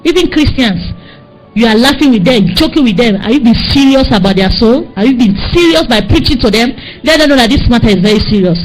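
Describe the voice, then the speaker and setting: A woman's voice: fairly high pitch, lively intonation, quick pace, soft background music, low-quality recording. A woman with a Nigerian accent preaching a sermon, scolding and exhorting her listeners with insistent repetition.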